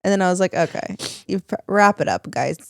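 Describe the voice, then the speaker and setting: A woman's voice: mid-range voice, brisk, vocal fry, no room sound, studio quality. A young woman co-hosting a podcast, chiming in with wry, teasing quips. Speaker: podcast co-host. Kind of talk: casual chat.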